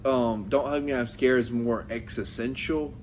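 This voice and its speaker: A man's voice: medium pitch, moderate pace, a little hiss or hum. A man co-hosting a podcast in casual chat, eager and prone to jumping in. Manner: animated, eager, interrupting. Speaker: podcast co-host.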